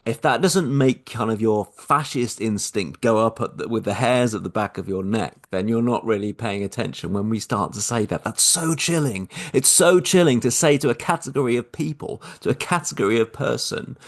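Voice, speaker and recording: A man, a minister, giving a personal podcast reflection in an impassioned, halting way with many restarts. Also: on the low side.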